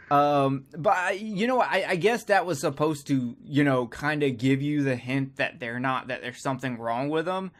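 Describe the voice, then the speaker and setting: A man's voice: a little high, unhurried. A man co-hosting a podcast, rambling and joking crudely in casual banter with friends. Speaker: podcast co-host.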